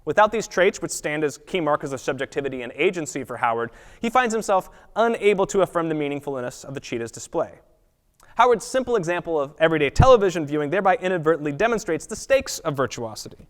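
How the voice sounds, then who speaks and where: A man giving an academic lecture at a college, reading prepared text in a measured way and sometimes correcting himself. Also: on the high side, very animated. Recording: long reverb of a lecture hall.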